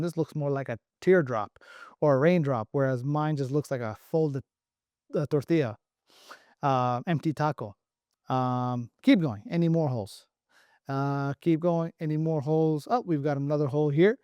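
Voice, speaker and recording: A man's voice: on the high side, no room sound. A man giving a casual, playful online lesson on letter shapes, joking and thinking aloud as he goes. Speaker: Arabic letter teacher.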